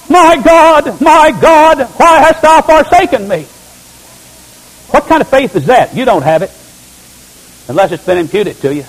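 A man preaching a sermon, sweeping from loud high cries down to low hushed lines. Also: husky, poor audio.

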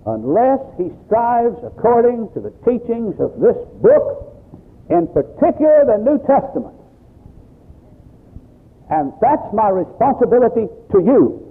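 A man's voice: very high-pitched, sing-song, a little slow, slightly rough. A Baptist pastor preaching an emphatic sermon to his congregation, quoting scripture as he goes. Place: church service. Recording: tinny phone-like lo-fi recording.

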